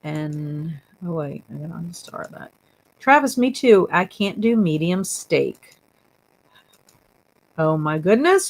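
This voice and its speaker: A woman hosts a casual booktube livestream, giggling often as she reads viewer comments aloud and teases her chat. Her voice is lowish and animated, and she takes it slowly with long pauses.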